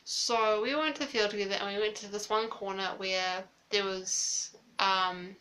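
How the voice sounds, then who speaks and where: Bright chatty woman telling a story. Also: medium pitch, steady tone, normal speed. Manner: chatty, lots of fillers and quoted dialogue. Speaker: vlogger. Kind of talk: casual storytelling.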